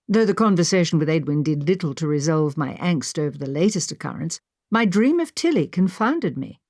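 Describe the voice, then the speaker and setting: Woman, audiobook narration, expressive, lowish pitch, dry close studio mic. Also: brisk, dry recording. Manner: expressive storytelling. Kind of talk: scripted first-person audiobook narration. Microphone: studio microphone.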